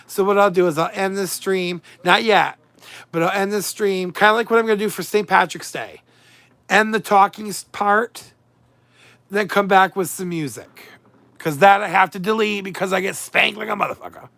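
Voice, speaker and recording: Chatty, emotional livestream man with gravelly voice. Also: sits high, normal speed, fairly bright tone, no echo. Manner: chatty, emotional, swings between moods, reads and answers chat. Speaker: livestream host. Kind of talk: casual livestream chat with viewers.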